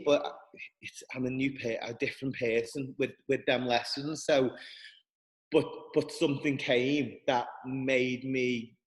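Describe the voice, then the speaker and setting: A man speaking earnestly and haltingly as a guest, often restarting his sentences. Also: medium pitch, in a large hall, poor audio. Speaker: guest, dance school director. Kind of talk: reflective interview talk.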